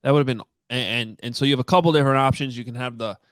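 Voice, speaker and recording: Racing along in a mid-range voice, this sports podcast co-host keeps things chatty, full of fillers and restarted sentences. The sound is clean studio audio with no echo.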